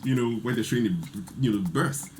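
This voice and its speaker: A man, telling a lively story in casual chat and acting out the quotes. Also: medium pitch, brisk, slight background noise. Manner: animated storyteller, laughs often, acts out quotes. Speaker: podcast guest.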